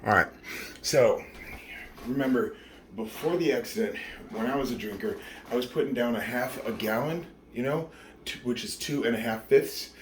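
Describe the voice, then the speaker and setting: A man's voice: mid-range voice, normal speed, a little hiss or hum. A very tired man in his thirties rambling through a late-night confessional vlog, profane and full of fillers. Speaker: vlogger.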